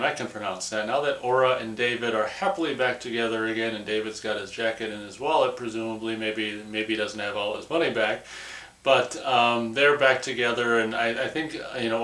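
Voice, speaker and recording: A man's voice: mid-range voice, a bit bright. Male film reviewer, rambling casual recap, echoey room. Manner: rambling, loose, peppered with "or whatever". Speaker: movie reviewer.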